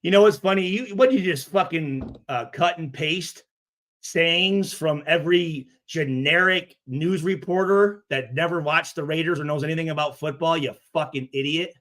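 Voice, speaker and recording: A man's voice: fairly high pitch, moderate pace. A man reading and reacting to viewer comments, cursing freely, stuttering and restarting his sentences. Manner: profane, animated, repeats himself.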